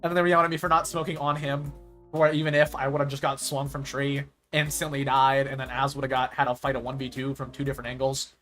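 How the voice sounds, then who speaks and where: Rambling, animated gaming streamer. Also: medium pitch, quick pace, faint music behind. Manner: rambling, animated storytelling with filler "like". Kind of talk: casual gaming stream chat.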